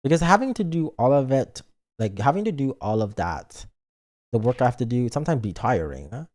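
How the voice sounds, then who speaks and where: Playful, animated male streamer. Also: mid-range voice, normal speed. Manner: playful and dramatic, acts out his own thoughts aloud. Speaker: virtual streamer. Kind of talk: casual live-stream chat.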